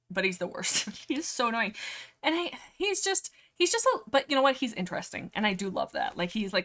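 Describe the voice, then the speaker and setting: A rambling woman livestream host, talking in a loose, excitable way. Her pitch sits in an ordinary middle range. She laughs often and drops sentences halfway through. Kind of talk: casual chat about books with read-aloud passages.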